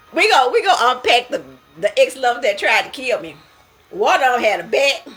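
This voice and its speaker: A young woman tells her dream to her viewers in a slow, unhurried way. Her voice sits a little high and rings bright, with soft music playing faintly behind her. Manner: animated, laughing often, addressing viewers as y'all. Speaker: spiritual dream interpreter. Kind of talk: casual dream-sharing monologue.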